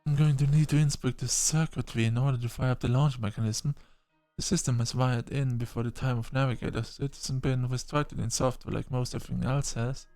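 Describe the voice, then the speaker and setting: A man's voice: mid-range voice, fairly even intonation, a little fast, a little mellow, no room sound, soft background music, lightly acted. A man voicing a dutiful, nervous female AI ship navigator who speaks formally and calls the passenger sir. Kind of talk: audiobook character voice.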